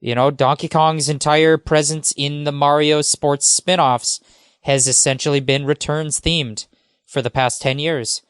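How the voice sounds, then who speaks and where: A man's voice: on the high side, fairly even intonation, a little slow, a bit bright, smooth, dry recording, studio quality. A man who is a guest on a podcast, talking casually and with enthusiasm, rambling and using many fillers.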